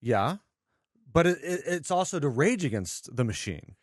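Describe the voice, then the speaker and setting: A man's voice: a little high, sing-song, moderate pace, breathy edge, dry recording, clean studio sound. A man in his thirties co-hosting a podcast, defending a film in casual chat with hesitant, meandering phrasing. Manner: hesitant, with fillers and restarts. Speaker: podcast co-host. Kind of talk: casual movie review chat.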